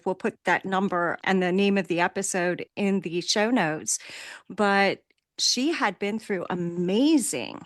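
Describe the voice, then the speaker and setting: A woman hosting a podcast, talking gently and admiringly. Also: medium pitch, no echo, studio quality. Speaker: podcast host. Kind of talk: casual chat.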